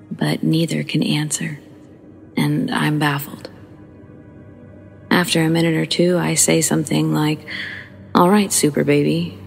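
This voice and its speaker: Low gravelly woman narrating scary stories. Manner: hushed, breathy whispering at tense moments. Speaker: horror story narrator. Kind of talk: scripted narration.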